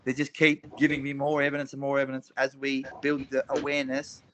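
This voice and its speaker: A man's voice: medium pitch, monotone, brisk, a bit bright, a little hiss or hum. A man speaking as a guest, telling courtroom stories with emphasis, repeating phrases and acting out the exchanges. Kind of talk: animated storytelling talk. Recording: dull lo-fi recording.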